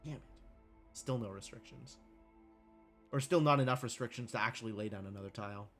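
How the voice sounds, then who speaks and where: A man's voice: mid-range voice, fairly quick, fairly bright tone, faint music behind. A male livestreamer giving casual gameplay commentary, thinking aloud with questions to himself and chatting and laughing with viewers. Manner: chats with viewers, laughing easily.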